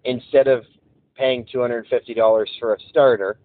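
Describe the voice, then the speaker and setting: A man at a middle pitch chats over a thin, tinny phone line. He hosts a podcast and tells his story in an easygoing, chatty way. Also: steady tone, moderate pace. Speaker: podcast host. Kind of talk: casual phone chat.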